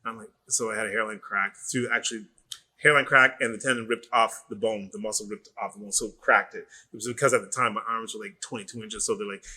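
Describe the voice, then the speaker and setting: Animated, swearing male personal trainer. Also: on the low side, quick pace. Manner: animated storyteller who acts out quoted voices and swears freely. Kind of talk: casual podcast chat.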